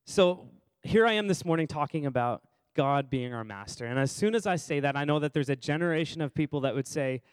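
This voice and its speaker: A man's voice: on the high side, lively intonation, brisk, few pauses, smooth, no room sound. A man preaching a sermon as pastor in a church service, chatty and conversational, quizzing the congregation by name and repeating phrases for emphasis.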